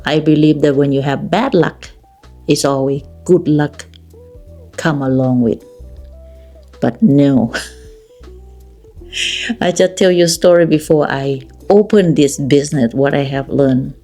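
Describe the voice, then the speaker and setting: A woman from Thailand, a native Thai speaker with a Thai accent, telling a personal story in halting, repetitive English. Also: sits low, warm tone, faint music behind. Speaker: vlogger.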